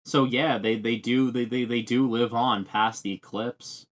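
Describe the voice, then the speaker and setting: A man co-hosting a podcast, telling stories animatedly in a casual chat. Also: medium pitch. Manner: animated, quick storytelling. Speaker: podcast host.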